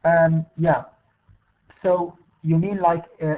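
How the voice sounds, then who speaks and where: Male teacher, online class, halting delivery, phone-like audio. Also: fairly high pitch, steady tone, heavy background noise. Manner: halting, searching for words. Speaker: English teacher. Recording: tinny phone-like line.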